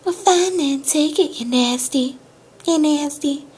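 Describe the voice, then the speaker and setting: Woman mimicking a shrill cranky old country lady. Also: takes it slowly, darkish tone. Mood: mocking. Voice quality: shrill, nagging, country twang.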